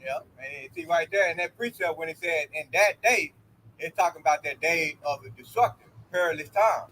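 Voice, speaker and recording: Man with a slightly high voice, emphatic speaker who chimes in often, faint background noise. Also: pushed and bright, poor audio. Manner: emphatic, quick agreeing interjections. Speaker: discussion participant. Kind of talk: casual religious discussion.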